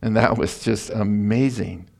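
A middle-aged man preaches a sermon with a gravelly, somewhat low voice. His delivery is folksy and emotional, and he laughs his way through personal stories. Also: fairly even intonation, unhurried, darkish tone. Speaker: pastor.

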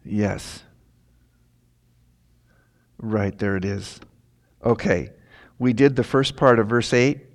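A man's voice: on the low side, takes it slowly, long pauses. A middle-aged man preaching a sermon in a folksy, storytelling way, with emphatic lines.

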